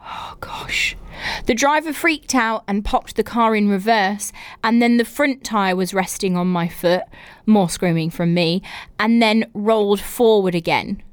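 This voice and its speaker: A woman's voice: medium pitch, measured pace, clean tone, no echo. A young woman from England hosting a casual podcast, reading out listeners' stories and reacting with exaggerated, giggly comments. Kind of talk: casual chat.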